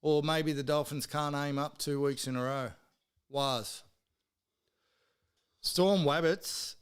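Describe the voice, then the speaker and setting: A man's voice: mid-range voice, flat delivery, measured pace, clean tone. An Australian man hosting a casual live stream, tipping footy games and freely swearing while he teases his mates in the chat.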